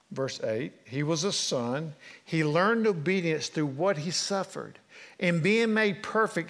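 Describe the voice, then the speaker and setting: A man preaching a sermon. His voice sits a little high for a man and talks straight to the congregation with questions. It swings between raised emphasis and low, hushed passages. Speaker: pastor.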